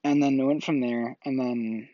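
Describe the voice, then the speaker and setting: A man tells a personal story in a loose, rambling way, restarting sentences and leaning on filler words. His voice sits at an ordinary middle pitch. The recording is dry and a bit dull and lo-fi. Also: fairly even intonation, normal speed, warm tone, no room sound. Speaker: vlog host telling a personal story. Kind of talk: casual storytelling.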